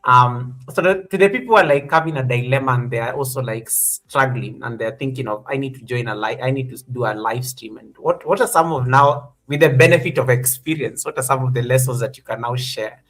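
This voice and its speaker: A man's voice: medium pitch, a little fast, hardly any pauses, fairly bright tone. A man co-hosting a casual live-stream chat, reading out viewers' names and thanking members. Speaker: co-host.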